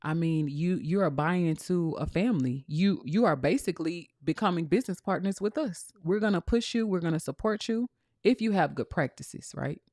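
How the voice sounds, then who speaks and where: A woman's voice: on the low side, expressive, normal speed, a little mellow, no room sound, clean studio sound. A woman, chatting on a livestream as a dog breeder and business coach, preachy and calling out to viewers. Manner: preachy, addresses viewers as y'all. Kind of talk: casual livestream chat.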